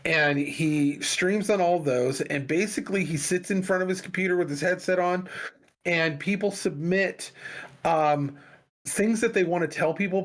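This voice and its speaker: A man co-hosting a casual podcast chat, telling a long story animatedly and acting out quoted phone calls. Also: on the high side. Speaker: podcast co-host.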